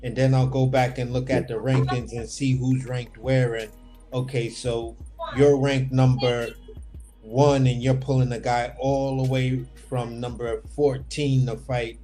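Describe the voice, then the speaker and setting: A man's voice: medium pitch, level tone, unhurried, mellow, soft background music. A man hosting a casual boxing talk over a remote livestream call, laid-back and rambling, swearing offhand. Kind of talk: casual chat.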